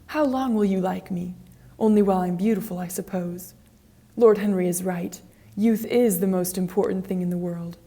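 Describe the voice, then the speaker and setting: A woman's voice: on the low side, moderate pace, dark tone, natural voice. A woman reading the lines of a vain young man afraid of growing old, in a graded reader audiobook. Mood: pleading. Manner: pleading, emotional outbursts.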